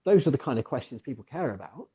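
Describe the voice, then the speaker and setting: A man hosting a casual conversation about the past, talking in rambling, digressive stretches with animated asides. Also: medium pitch, fast, husky, dull audio. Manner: mock voices for quoted figures. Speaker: archaeologist podcast host.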